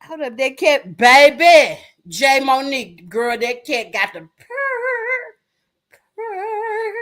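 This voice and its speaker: Loud, frank woman in her forties. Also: high-pitched, expressive, measured pace. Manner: frank, loud, laughing storyteller. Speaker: livestream host. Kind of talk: casual chat with viewers.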